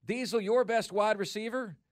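A man's voice: high voice, normal speed, dry recording, clean studio sound. A man hosting a sports talk radio show, making his points emphatically and repeating them.

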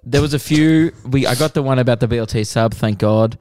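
A man co-hosting a podcast, reading listener messages aloud in a relaxed way with sighs and laughs. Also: mid-range voice, a little fast, a little hiss or hum. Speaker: podcast co-host.

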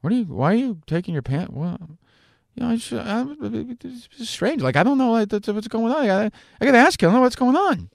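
A man putting on a high, stammering voice to play a nervous, bewildered young man. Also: big pitch swings, brisk, vocal fry, dry recording, clean studio sound, heavily acted. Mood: flustered.

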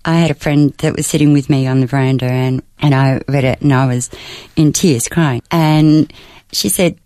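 A woman's voice: rumbling low, fairly even intonation, moderate pace, warm tone, dry recording. A woman, a mother, telling an emotional personal story as a guest in a radio studio interview. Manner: emotional, quoting others in conversation.

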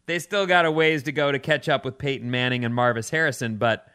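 Bright-voiced chatty radio host man. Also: medium pitch, fairly even intonation, fairly quick, clear, resonant tone. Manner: chatty, reads out news stories. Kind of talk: casual chat.

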